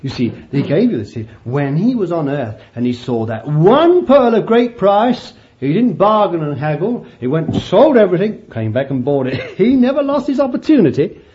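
A man preaching a sermon, animated and laughing often as he calls his listeners beloved. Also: a little high, moderate pace, few pauses, muffled recording.

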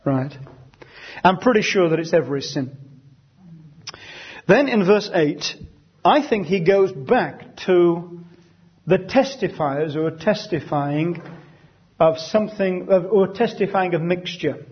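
A man leading a Bible study, reading verses slowly and deliberately and then explaining them conversationally. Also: sits high, lively intonation, husky, dull audio.

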